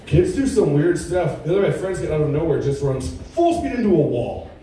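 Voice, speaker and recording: A man in his thirties doing a stand-up comedy set with a laid-back, deadpan delivery at a comedy club. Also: on the high side, brisk, very echoey, distant mic, low-quality recording. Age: 30s. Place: comedy club with a live audience.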